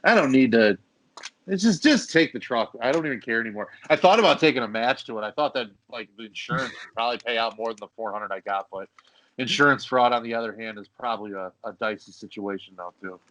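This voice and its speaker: A man's voice: medium pitch, fast, a bit bright. A man co-hosting a casual podcast who makes wry, joking asides. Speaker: podcast co-host.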